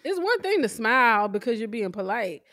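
A blunt, joking woman co-hosting a podcast, her voice a little high. She laughs her way through casual chat on a close, dry mic. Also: sing-song, normal speed, a bit bright, no room sound. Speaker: podcast co-host.

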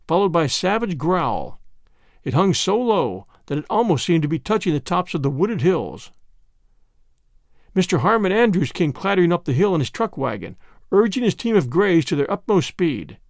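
A man narrating a storybook in an expressive reading. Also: high voice, normal speed, dry recording, clean studio sound. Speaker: audiobook narrator. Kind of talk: scripted narration.

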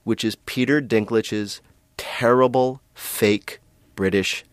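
A man co-hosting a casual chat, telling stories in an animated way and laughing often. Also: fairly low pitch, slow, clean tone, no room sound. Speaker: podcast co-host.

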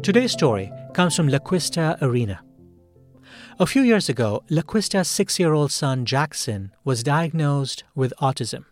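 A man hosting a podcast, narrating a scripted story in a calm, measured way. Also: a little high, faint music behind. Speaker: podcast host.

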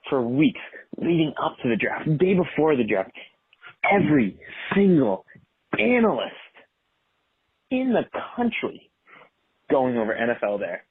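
A hyped-up man phoning in to a sports podcast, and the sound is thin and tinny like a phone line. His voice is low and a little husky, and he pushes up in pitch when he makes his big points. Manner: hyped, rising emphasis. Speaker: caller.

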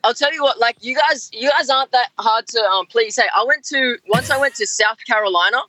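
Bright-voiced Australian man, casual. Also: very high voice, brisk, low-quality recording. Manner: laid-back, storytelling, uses slang. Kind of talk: casual chat.

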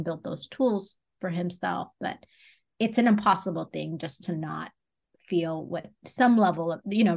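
Woman podcast co-host, gravelly voice, candid and reflective. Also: on the low side. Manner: candid, reflective, trailing off softly. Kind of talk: casual chat.

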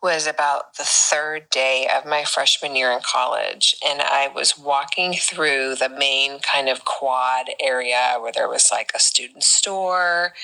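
A woman's voice: very deep voice, sharp tone, poor audio. A woman guest recounting a story in one long run-on, casual telling. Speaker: podcast guest.

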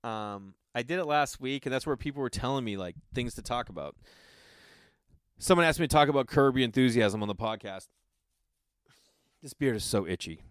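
A man's voice: medium pitch, normal speed, pauses often, clean tone, no echo, clean studio sound. Profane, storytelling man podcast host. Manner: loose, profane, animated storytelling with acted-out quotes. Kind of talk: casual storytelling monologue.

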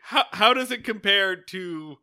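A man co-hosting a podcast, reacting with animated, laughing disbelief in casual chat. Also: high-pitched, a little slow. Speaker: podcast co-host.

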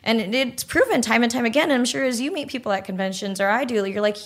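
A young woman speaking as a guest in an interview, candid and earnest, with animated storytelling and frequent "like". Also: on the high side, quick pace, hardly any pauses.

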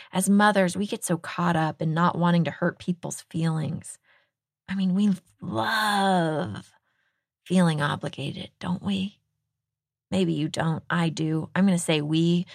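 A woman's voice: fairly low pitch, gravelly, no echo, studio quality. A middle-aged woman from Texas hosting a podcast, chatting in a casual, self-deprecating way and laughing often. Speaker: podcast host.

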